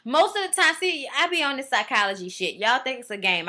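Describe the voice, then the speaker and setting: A woman's voice: mid-range voice, expressive, fast, pushed and bright. A woman reviewing a reality show in blunt, profane, opinionated casual vlog commentary.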